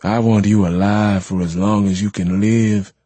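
Ancient, controlling man, read by a male narrator, low and breathy, measured, dry close mic. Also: fairly even intonation, mellow, no echo. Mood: earnest.

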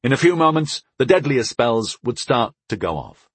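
A man narrating a first-person fantasy story in an expressive storytelling manner. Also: medium pitch, moderate pace, breathy edge, no echo. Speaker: audiobook narrator.

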